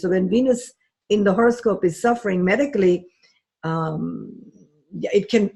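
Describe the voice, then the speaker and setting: A woman's voice: mid-range voice, vocal fry, darkish tone. A woman astrology teacher lecturing in a live class, telling stories in a chatty way with many fillers.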